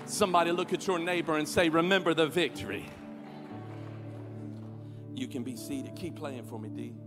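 A man preaching a sermon as pastor, calling on the crowd to respond and swelling to shouts. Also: fairly high pitch, moderate pace. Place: large church auditorium. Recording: long hall reverb with music behind.

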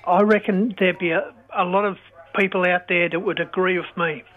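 An older man calling in to a talkback radio show, rambling and halting as he loses his thread. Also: sits high, fairly even intonation. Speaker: talkback caller. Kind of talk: casual phone-in chat. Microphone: telephone line. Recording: tinny phone line.

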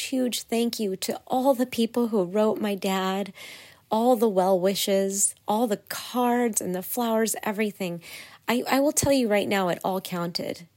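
A woman's voice: mid-range voice, darkish tone. A woman hosting her own podcast, talking casually and earnestly with many fillers and small laughs. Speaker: podcast host. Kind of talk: casual solo podcast talk.

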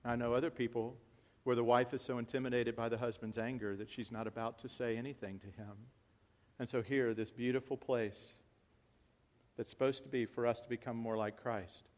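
A man preaching a sermon, moving from quiet, reflective talk to loud, excited calls to the congregation. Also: mid-range voice. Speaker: pastor.

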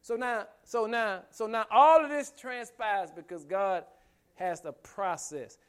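A man's voice: sits high, measured pace, fairly bright tone, smooth. A man preaching a sermon with emphatic rhetorical questions and humorous asides. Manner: humorous asides, laughs often.

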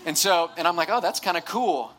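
Speaking briskly in a high-pitched voice over background noise, this young campus ministry speaker addresses a live crowd. His sermon includes a humorous, self-deprecating story with frequent restarts and asides.

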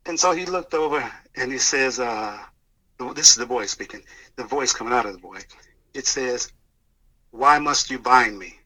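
A man earnestly retelling a personal experience, halting at times and acting out what others said. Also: mid-range voice, pushed and bright, rough recording. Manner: earnest, halting retelling with restarts and quoted dialogue. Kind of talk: personal testimony storytelling.

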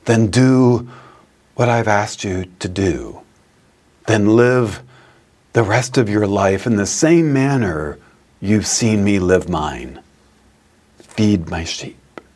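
A man doing a calm, gentle teacher, speaking low, soft and unhurried. Each phrase is slow and deliberate, set a little below the speaker's usual pitch. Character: calm, gentle male teacher asking and instructing.

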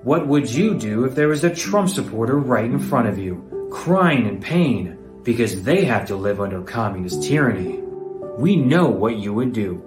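A man's voice: animated, normal speed, echoey room, music in the background, natural voice. A man doing a pleading charity-ad announcer. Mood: solemn pleading. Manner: earnest, pleading pitch. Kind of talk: mock fundraising ad parody.

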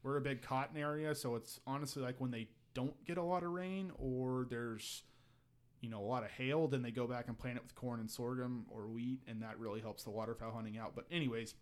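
A man from Texas with a Texan accent, co-hosting a casual outdoors podcast and explaining things at length. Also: mid-range voice. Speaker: podcast co-host.

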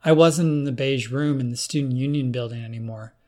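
A man narrating a first-person story in a measured, plain storytelling manner. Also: medium pitch, a little mellow.

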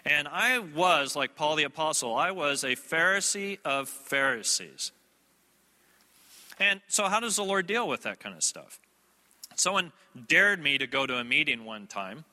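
A man's voice: on the high side, lively intonation, measured pace, bright, forceful tone. A man preaching a sermon as a traveling minister, telling a story in a conversational way with asides to his listeners. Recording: long reverb of a large hall.

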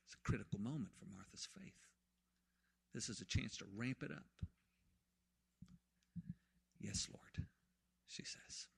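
A man preaching a sermon, retelling a story with swings from hushed to loud. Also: on the low side, a little slow, creaky, pauses often, breathy edge. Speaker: pastor.

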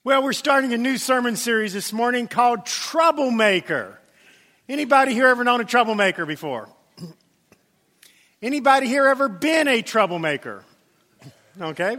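A man's voice: very high-pitched, bright, forceful tone, in a large hall. A man preaching a sermon as pastor, telling a funny story and playing the voices in it. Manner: humorous, acts out voices in anecdotes. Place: church sanctuary.

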